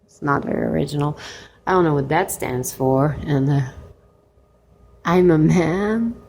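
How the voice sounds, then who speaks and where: A woman whose voice sits low and a little mellow talks fairly quickly in a steady tone. Sick and staying at a hostel, she vlogs chattily from the kitchen and common room, rambling and laughing in asides.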